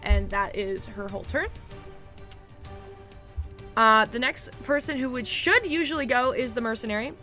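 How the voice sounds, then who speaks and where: A woman acting as game master, narrating a tabletop game briskly with filler ums. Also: on the high side, bright, forceful tone, soft background music.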